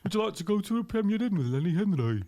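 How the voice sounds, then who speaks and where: A man putting on a flirty, brazen woman with a Birmingham accent, talking in a suggestive, drawn-out way. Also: high-pitched, big pitch swings, mellow, pitched above the performer's own voice. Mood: seductive. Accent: Birmingham put-on.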